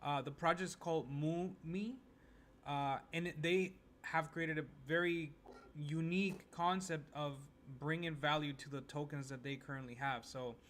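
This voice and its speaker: A man co-hosting a live online audio chat, explaining projects in a relaxed way with fillers. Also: fairly high pitch, normal speed, slight background noise. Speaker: co-host.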